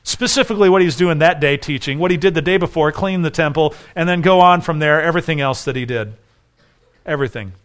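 A male pastor with a slightly raised pitch preaches at length, building stacked rhetorical questions toward emphatic declarations. His delivery swells and drops as he presses each point home. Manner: voices the accusers with sharper, raised delivery. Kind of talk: sermon.

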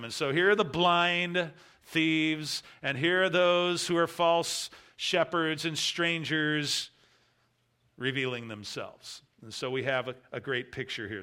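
A man preaching a sermon, stressing key words loudly and letting his phrase ends fall low and quiet. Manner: emphatic, stresses key words with bursts of volume. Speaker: pastor.

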